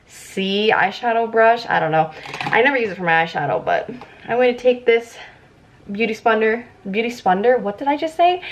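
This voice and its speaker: A young woman vlogging casually about her makeup, excitable and giggly, chatting as she works. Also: medium pitch. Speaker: beauty vlogger. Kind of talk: casual makeup tutorial chat. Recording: slightly dull lo-fi audio.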